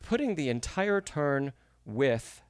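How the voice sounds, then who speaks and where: A very animated man with a medium-pitched voice takes it slowly as he teaches piano in a live-streamed masterclass. Patient and explanatory about phrasing, he checks in with the student often, asking "right?" and "yes?".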